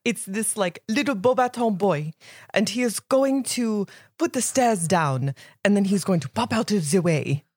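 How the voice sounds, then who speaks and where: A woman's voice: medium pitch, lively intonation, moderate pace, darkish tone, dry recording, studio quality. A woman co-hosting a podcast, chatting casually and enthusiastically about a book and laughing often. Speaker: podcast co-host.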